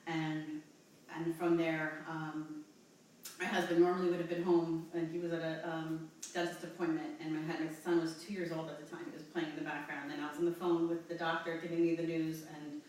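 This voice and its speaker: A woman from New Jersey in her forties, telling a personal story in an interview with halting, rambling speech and many fillers. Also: low voice, level tone, darkish tone, far from the mic, a little hiss or hum. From New Jersey, USA. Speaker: interview guest. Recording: echoey room, voice from off-mic.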